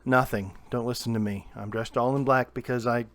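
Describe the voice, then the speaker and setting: A young man from Southern Ohio giving a short video sermon to camera, earnest and emphatic, slowing down and pausing to stress key words. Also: medium pitch, steady tone. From Southern Ohio, USA. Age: young adult. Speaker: preacher.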